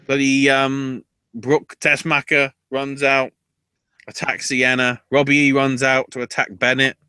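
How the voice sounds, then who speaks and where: Bright-voiced man recapping wrestling. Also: mid-range voice, unhurried, smooth, no echo. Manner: animated, profane storytelling. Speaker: podcast host.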